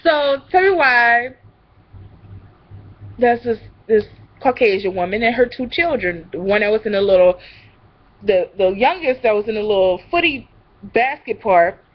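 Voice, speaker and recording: A woman's voice: on the high side, expressive, unhurried, highs cut off. A young woman telling rambling stories in a casual vlog, drifting from one tangent to the next. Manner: chatty, rambling, goes off on tangents. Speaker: vlogger.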